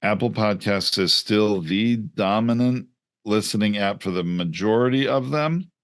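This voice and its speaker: Deep-ish guy cohost, emphatic, real dry close sound. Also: unhurried, no room sound. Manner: emphatic, ranting. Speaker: podcast co-host. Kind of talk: casual chat.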